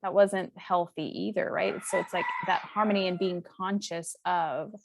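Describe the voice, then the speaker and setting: A woman guest on a podcast with a fairly low voice, talking casually and thinking aloud as she goes. Her speech comes across as dry and close. The tone stays conversational. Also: fairly even intonation, normal speed, creaky, few pauses, dry recording. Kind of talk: casual chat.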